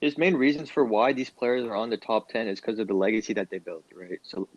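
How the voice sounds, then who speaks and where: A man's voice: fairly low pitch, fairly even intonation, brisk, dry recording. A young man co-hosting a casual sports podcast, moderating the debate and posing questions. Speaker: podcast co-host. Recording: dull, dry lo-fi mic.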